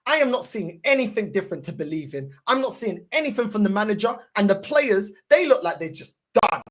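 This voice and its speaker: Woman, husky voice, lively swooping pitch, exasperated fan rant, swearing and repetitive. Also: brisk. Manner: exasperated, swearing, repetitive, switching between English and Portuguese. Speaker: football fan channel host. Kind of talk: angry fan reaction rant.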